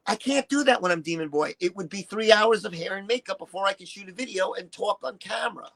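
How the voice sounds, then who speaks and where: Man, 60s, high-pitched voice, retired stage act, candid and foul-mouthed interview guest. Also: fast, vocal fry, few pauses, rough recording. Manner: profane, animated, acts out quotes. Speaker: interview guest, retired shock-rock performer.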